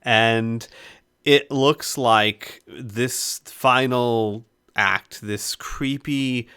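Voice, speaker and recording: A man's voice: medium pitch, fairly bright tone, clear, resonant tone. A man narrating a tabletop role-playing game as game master, hesitant and full of fillers.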